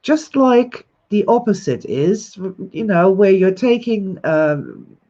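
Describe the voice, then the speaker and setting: An enthusiastic, expressive woman in her sixties who laughs often as she hosts a livestream and greets her viewers. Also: mid-range voice, takes it slowly. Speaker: host. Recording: slightly dull lo-fi recording.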